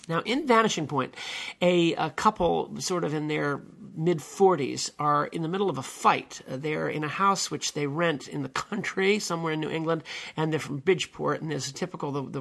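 A man's voice: fairly high pitch, vocal fry, fairly bright tone. A man in his seventies hosting a solo podcast, retelling a television episode in an earnest, emphatic way with many hesitations. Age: 70s. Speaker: podcast host.

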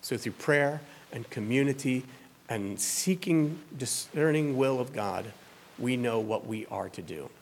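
A man's voice: mid-range voice, lively intonation, unhurried, vocal fry, slight background noise. A man preaching a sermon in an earnest, conversational way, with fillers and rhetorical questions. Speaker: pastor.

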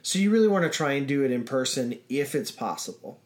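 Relaxed man rambling through casual advice. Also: mid-range voice, fairly quick. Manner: relaxed, rambling with many fillers and restarts. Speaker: podcast co-host.

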